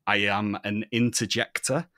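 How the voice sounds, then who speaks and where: A man with a soft Northern English accent that leans toward received pronunciation, a podcast guest talking reflectively in long monologues. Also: fairly low pitch, fairly even intonation, unhurried, no room sound, studio quality. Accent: soft Northern English, leaning toward received pronunciation. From Manchester, England. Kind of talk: casual conversation.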